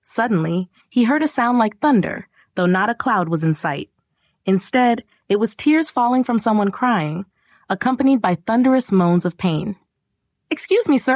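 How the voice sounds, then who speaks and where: Female narrator for a kids' bedtime story, gentle and expressive, mid pitch, dry close sound. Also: no room sound.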